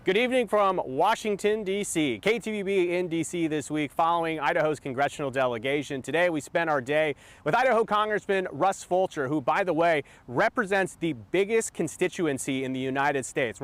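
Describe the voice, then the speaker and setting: A male television reporter delivers a stand-up from outdoors, his voice a touch higher than most men's. He speaks in a measured, conversational way, as if talking straight to the viewers at home. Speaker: TV news reporter. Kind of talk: broadcast news report. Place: outdoors near a government building.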